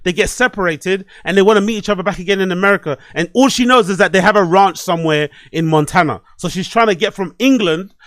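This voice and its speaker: A man's voice: high-pitched, fast, hardly any pauses, no room sound, studio quality. A man hosting a solo commentary podcast, talking animatedly, swearing and repeating himself as he rants. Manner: animated, swearing, repetitive ranting. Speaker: podcast host. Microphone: desk microphone and webcam.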